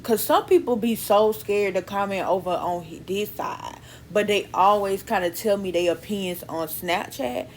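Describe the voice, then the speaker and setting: Lower-voiced woman thanking her viewers. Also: a little hiss or hum. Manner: grateful, chatty, addresses fans directly. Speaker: vlog host. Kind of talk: casual outro to viewers.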